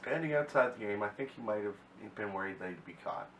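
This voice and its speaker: A man's voice: on the low side, animated, a little fast, fairly bright tone, far from the mic. A man casually recapping a TV episode, rambling and often correcting himself. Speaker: TV episode reviewer. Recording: echoey room, mic set back, faint hiss.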